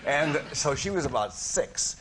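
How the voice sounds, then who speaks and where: A man's voice: fairly high pitch, a little slow. A man telling stories as a talk show guest, acting out voices as he goes. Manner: animated storyteller, acts out voices. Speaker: celebrity guest. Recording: noisy studio audience.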